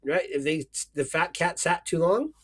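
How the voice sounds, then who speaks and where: A man's voice: on the high side, moderate pace, fairly bright tone, husky. A man co-hosting a casual sports podcast, ranting with sarcastic mock sadness. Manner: sarcastic, mock-emotional rants. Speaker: podcast co-host.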